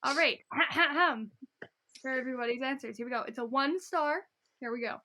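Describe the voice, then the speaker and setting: Woman, young adult, bright, slightly high, giggly, animated casual podcast chat. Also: normal speed. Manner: giggly and animated, often laughing mid-sentence. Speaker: podcast co-host. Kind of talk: casual chat, reading posts aloud.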